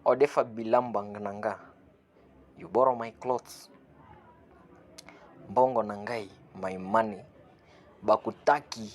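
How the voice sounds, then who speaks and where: A language teacher with a lowish male voice runs an online lesson. He says phrases slowly, repeats them, translates each one, and chuckles now and then.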